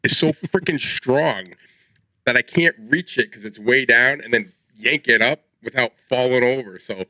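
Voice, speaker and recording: A man in his forties co-hosts a podcast, spinning rambling stories in casual chat and laughing mid-sentence. His voice sits at a medium pitch with a measured pace and a sharp tone. The low-quality recording has no echo.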